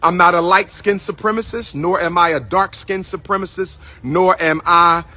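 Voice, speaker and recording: Indoors at his school building, a man hosts a casual livestream and speaks directly to his viewers in a high, bright voice at a moderate pace with fairly even intonation. He playfully repeats phrases in a sing-song way and calls out to those watching.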